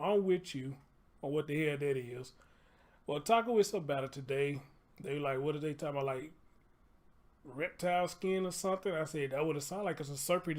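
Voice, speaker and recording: Male livestream host, slightly high voice, loose chatty delivery with casual swearing. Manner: loose, chatty, swears freely, repeats phrases.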